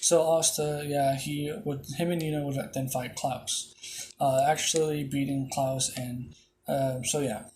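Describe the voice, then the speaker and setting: A man's voice: medium pitch, flat delivery, a little slow, a little mellow, slight background noise. A man casually retelling a fan-made story, rambling with many fillers and restarts.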